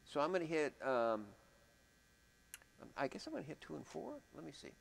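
A man's voice: fairly high pitch, very animated, normal speed, vocal fry, background noise. A man teaching music production in a casual, thinking-aloud way, humming out drum rhythms as he goes. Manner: thinks aloud, chatty, vocalizes drum patterns.

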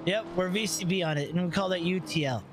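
A man's voice: high-pitched, fast talker, over music. A man role-playing a police officer in a game, talking in a casual, rambling, laughing way.

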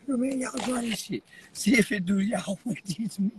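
A man rambling to the camera while high, giggling through his words, teary-eyed from laughing, with a loose, slangy way of talking. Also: moderate pace, a little hiss or hum, low-quality recording. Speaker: vlogger. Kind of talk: rambling stoned chat to camera.

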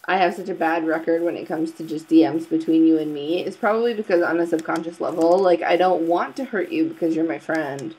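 Woman, Southern US accent, low-ish voice, chatty gaming host, self-deprecating. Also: fairly quick, few pauses, darkish tone, low-quality recording. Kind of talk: casual gaming chat.

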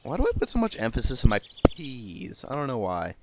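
A man's voice: mid-range voice, huge pitch swings, very fast, very noisy. A man with a South Jersey accent, giving chatty, sarcastic commentary while playing a video game. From South Jersey, USA. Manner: chatty, sarcastic, swears casually. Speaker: let's play gamer. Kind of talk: casual gameplay commentary.

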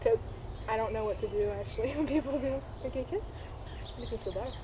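A woman's voice: fairly high pitch, fast, background noise. A woman vlogging outdoors with her horse, talking to it playfully and giggling between lines, picked up by a camera mic a few steps away. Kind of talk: casual vlog talk to her horse and viewers.

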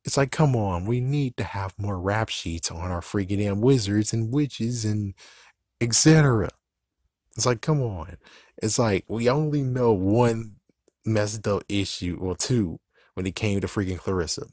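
A young man with a lowish voice rants casually for his fan channel, rambling, swearing and flaring into frustrated outbursts. He is recorded close up in a dry, dead-sounding room. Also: unhurried, a little mellow, no echo. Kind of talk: casual ranting vlog.

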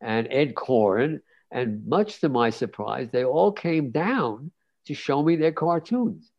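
A man in his nineties, a guest cartoonist, telling stories in a relaxed interview, rambling with many fillers and restarts. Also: medium pitch, slow. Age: 90s. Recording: dull lo-fi sound.

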